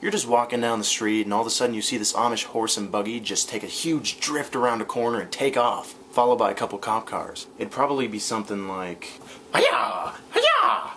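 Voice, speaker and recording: A man's voice: lowish voice, a little fast, noisy background. Profane, sarcastic man ranting on news. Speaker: vlogger. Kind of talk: comedic news commentary.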